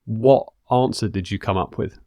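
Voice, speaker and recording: Low-voiced hesitant male host. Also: moderate pace, mellow, no echo, studio quality. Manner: hesitant, repeats words, laughs along. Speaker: podcast host. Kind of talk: casual interview chat.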